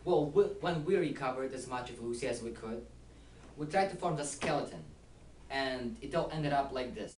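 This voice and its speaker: Seeks a mid-pitched deadpan man as co-host, recorded far from the mic in a roomy space. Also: normal speed. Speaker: co-host of a homemade mock report. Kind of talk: reading a scripted report.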